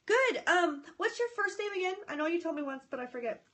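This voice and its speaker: A woman hosting a casual live stream from her phone or tablet. She chats in a scattered, excitable way, greets viewers by name and often breaks off mid-sentence. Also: very high voice, fairly quick. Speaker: livestream host reading viewer comments.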